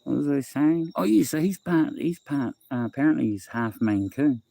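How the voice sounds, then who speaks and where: A middle-aged New Zealand man rambles through a casual phone livestream, restarting sentences and tossing in "bro" and "eh". His voice is mellow and relaxed, recorded dry and close with no room sound. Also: mid-range voice, moderate pace, vocal fry, no room sound. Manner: rambling, repeats himself, reads chat aloud, says bro and eh. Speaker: livestream host. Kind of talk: casual livestream chat with viewers.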